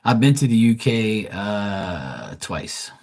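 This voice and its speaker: A man's voice: on the low side, big pitch swings, slow pace, creaky, a little mellow, rough recording. A man with a Bermudian accent, rambling and chatty as he talks casually with viewers on a live tarot stream, swearing now and then.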